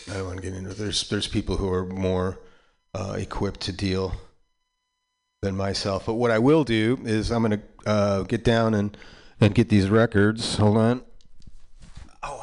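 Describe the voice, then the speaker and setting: A man in his sixties hosting a community radio show, chatting casually between records in a rambling, halting way. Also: fairly low pitch.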